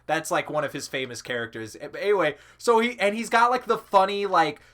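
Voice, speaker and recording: A man's voice: high-pitched, fairly quick, a bit bright. A man chatting casually while playing a video game, rambling and swearing, with laughing asides. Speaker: let's play commentator. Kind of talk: casual gaming chat.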